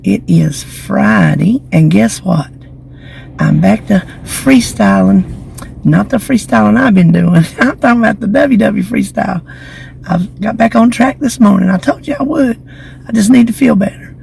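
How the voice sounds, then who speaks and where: A slightly hoarse woman, chatting to her phone camera outdoors in the shade and telling gossipy stories. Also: mid-range voice, moderate pace, a little mellow, slight background noise, low-quality recording. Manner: chatty, gossipy storytelling with giggles. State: slightly hoarse from lingering illness. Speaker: vlogger. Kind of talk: casual chat to camera. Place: outdoors in the shade beside a building.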